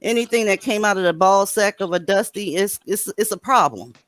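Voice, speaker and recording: A woman's voice: medium pitch, fairly quick. A woman hosting a casual livestream panel, speaking bluntly and profanely, often laughing. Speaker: panel host.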